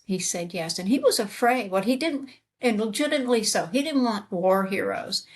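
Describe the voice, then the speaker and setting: A woman's voice: mid-range voice, animated, moderate pace, slightly rough. A middle-aged woman, a retired army sergeant major, telling a story in an interview and acting out the dialogue.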